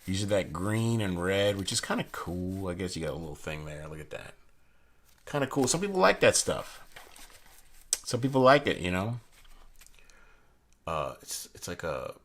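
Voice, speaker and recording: A man's voice: low voice, very animated, normal speed, long pauses, fairly bright tone. A man casually reviewing playing cards, rambling and chatty, with lots of fillers and asides.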